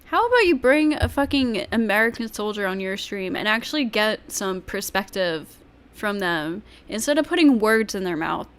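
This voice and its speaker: A woman's voice: medium pitch, lively intonation, moderate pace. A woman streamer reacting to clips, ranting bluntly and swearing freely. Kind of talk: casual livestream commentary.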